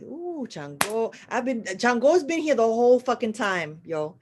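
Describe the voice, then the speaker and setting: A woman giving a live horoscope and spiritual reading to an audio chat room, blunt and profane, swinging from loud urging to soft murmurs, with repetitive chant-like phrasing. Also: on the high side, sing-song, a little slow, hardly any pauses, very noisy. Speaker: astrology and spiritual reader.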